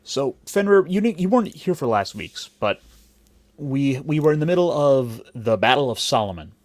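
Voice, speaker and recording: With a mid-range, sing-song voice and a darkish tone, this man talks at a moderate pace, with no echo on the recording. He hosts a casual podcast, rambling and joking with plenty of self-interruptions, having grown up in Cleveland and Puerto Rico.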